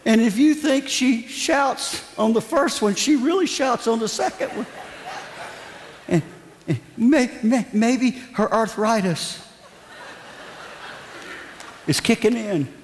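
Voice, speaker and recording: A man's voice: very high voice, slow pace, pauses often, a little hiss or hum. A man preaching a sermon, telling a humorous story with playful character voices. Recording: long church reverb, faint ambience.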